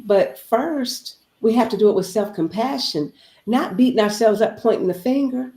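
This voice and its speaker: A woman's voice: a little high, normal speed, warm tone, reverberant. A woman guest speaker giving an inspirational, preachy talk, repeating phrases for emphasis.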